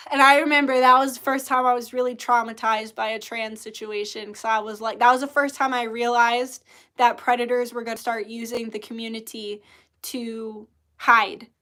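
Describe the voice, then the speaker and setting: High, bright, heated woman venting. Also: little pitch movement, moderate pace. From Native American. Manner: blunt, profane and heated. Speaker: spiritual livestream host. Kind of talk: casual monologue storytelling.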